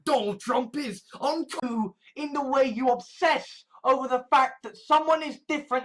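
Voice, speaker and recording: A man delivers a sarcastic, exasperated rant with plenty of swearing. His voice sits unusually high. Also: moderate pace, few pauses, a bit bright. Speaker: online commentator. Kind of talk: ranting monologue compilation.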